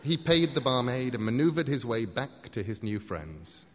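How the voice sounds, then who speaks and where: Man with an expressive storytelling voice. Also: mid-range voice, moderate pace, in a large hall, slight background noise. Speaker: narrator. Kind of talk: scripted narration of a story.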